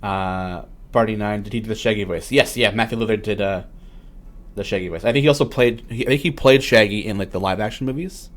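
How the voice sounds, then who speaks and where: A man's voice: fairly low pitch, brisk. A man hosting a casual livestream, chatting loosely with lots of fillers and reading out viewer questions. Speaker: stream host.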